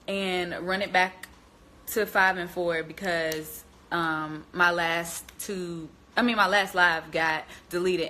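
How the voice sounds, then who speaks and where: A young woman hosting a phone live stream, telling a story in an animated, chatty way and laughing often. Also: fairly low pitch.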